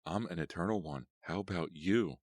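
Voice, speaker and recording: A cocky young female vampire with a sharp, mocking tongue, voiced by a man in an audiobook. Her lines come out very low and deep, with a dry, close sound and no room around them. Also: normal speed, dry recording. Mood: scornful. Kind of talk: audiobook character voice.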